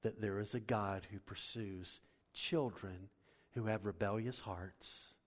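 A man's voice: on the low side, slow pace. Man preaching in a reverberant hall. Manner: animated storytelling, swings from loud to hushed. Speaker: pastor. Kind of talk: sermon.

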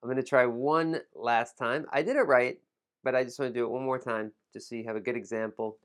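A man teaching English pronunciation, modeling words slowly for listeners to repeat and adding casual explanations. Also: mid-range voice, fairly even intonation, a bit bright. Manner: slow, deliberate modeling of words, casual asides.

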